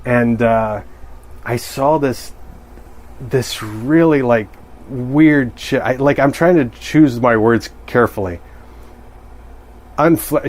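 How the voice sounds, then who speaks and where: A man's voice: medium pitch, slow pace. Rambling, joking male cartoonist. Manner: rambling and joking, with many restarts. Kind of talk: casual podcast monologue.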